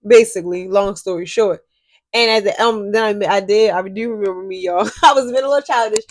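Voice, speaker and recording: A young woman telling a story to her viewers in a casual vlog, animated and swearing freely. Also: medium pitch, brisk, no room sound. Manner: animated, profane, talks straight to viewers. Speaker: storyteller vlogger.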